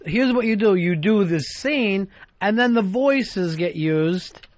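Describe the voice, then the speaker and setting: A man's voice: high voice, expressive, slow pace, no room sound. A man hosting a talk radio show, teasing his co-host in casual banter. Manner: teasing, dry. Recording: dull lo-fi radio broadcast.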